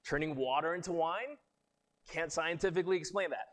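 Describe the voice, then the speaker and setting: High-voiced man preaching casually. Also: a little fast, a bit bright. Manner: conversational preaching, rising pitch on quoted lines. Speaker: pastor. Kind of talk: sermon with scripture reading.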